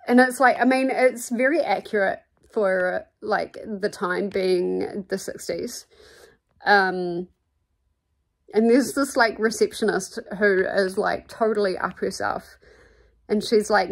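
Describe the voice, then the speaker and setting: A woman with a New Zealand accent talks casually on a book vlog from home. Her voice has a gravelly, fry-laden edge. She is chatty and full of "um"s, and openly fired up about the story. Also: mid-range voice, fairly even intonation, slow pace, pauses often. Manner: chatty, filler-heavy, openly indignant. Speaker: book vlogger. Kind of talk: casual reading vlog chat.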